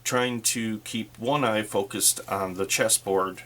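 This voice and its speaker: Low-voiced guy running a solo tabletop game, slow and rambly. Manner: relaxed, rambling, with fillers. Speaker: game master.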